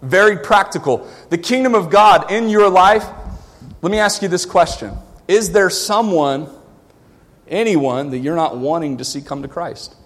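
A Southern-accented male pastor preaches in a high, ringing voice that carries through a large church hall with a long reverb tail. He swings between shouted exhortation and low, confiding asides. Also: animated, a little slow. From the American South. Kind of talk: sermon.

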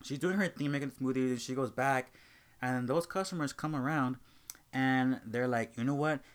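A young man hosting a casual talk show, telling an animated story about a rude customer and acting out both sides of the argument. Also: mid-range voice, moderate pace, clear, resonant tone. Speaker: host.

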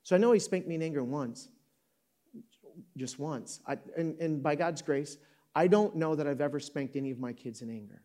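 Mellow, on the high side and at normal speed, this fifty-something Michigan pastor tells a story to a live auditorium crowd. His preaching is conversational, peppered with jokes and moments where he corrects himself.

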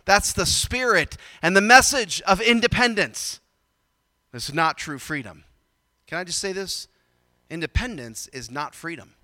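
A man preaching a sermon, swinging from loud emphatic bursts to quiet low asides. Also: animated, a little slow, dry recording, long reverb tail. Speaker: pastor.

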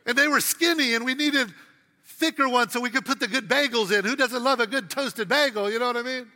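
A man's voice: extremely high pitch, fairly quick, pushed and bright, in a large hall. A middle-aged man preaching a sermon with humor, acting out quotes while telling stories. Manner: humorous storytelling with acted quotes. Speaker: pastor.

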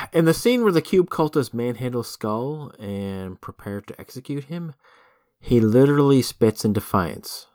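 A man co-hosting a comics podcast, speaking in a measured, thoughtful way with frequent ums. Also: mid-range voice, lively intonation, darkish tone, dry recording, studio quality. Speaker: podcast co-host. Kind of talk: casual chat about comics.

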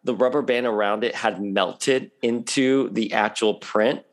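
A man talking as a guest on a podcast in a chatty, animated way, laughing often. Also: on the low side, a little slow. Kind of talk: casual podcast chat.

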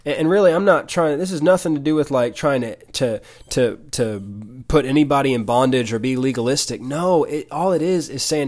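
A man's voice: medium pitch, normal speed, hardly any pauses, a little mellow. Earnest man preaching with many restarts. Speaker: podcast preacher. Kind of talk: Bible teaching.

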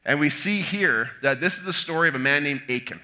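A man preaching a sermon, retelling a Bible story in an animated way with asides to his listeners. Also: on the high side, a little fast.

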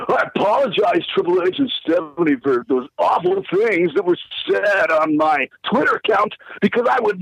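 A cocky wrestler, as a man puts him on, delivering a smug, theatrical apology. The voice is slow and gravelly. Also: sits high, fairly bright tone, no echo, full character voice, rough recording. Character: cocky male wrestler making a mock apology.

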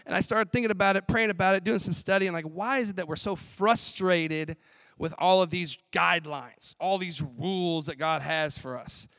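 A man who is a professor preaching a chapel sermon in an animated, playful way. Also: high voice, normal speed, creaky. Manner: animated, playful, acts out skits with laughs. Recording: long hall reverb.

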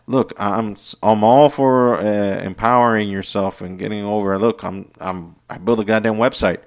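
A man hosting a podcast, delivering an unscripted, profane rant that swings between heated outbursts and low muttering. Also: fairly even intonation, moderate pace, hardly any pauses, clear, resonant tone. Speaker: podcast host. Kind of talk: unscripted ranting monologue.

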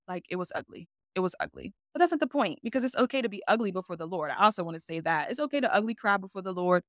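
Expressive woman podcast host, casual faith talk, mid-range voice, close and dry. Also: medium pitch, no room sound. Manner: casual, chatty and expressive, acting out her own quoted words.

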